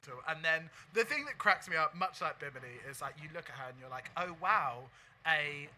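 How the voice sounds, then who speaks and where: Man, podcast co-host, campy, gushing, slightly high voice, studio. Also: expressive, pushed and bright. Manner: gushing, campy, quick asides. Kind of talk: casual chat.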